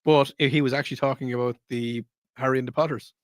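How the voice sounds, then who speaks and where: A man's voice: mid-range voice, fairly even intonation, quick pace, no room sound, studio quality. A man co-hosting a radio show, playful and teasing. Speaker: radio co-host. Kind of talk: casual on-air banter.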